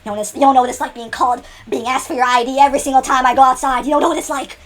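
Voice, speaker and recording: A man doing a whiny, high-pitched young sorcerer. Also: little pitch movement, racing. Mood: bitter. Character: bitter, hot-tempered young male femboy sorcerer.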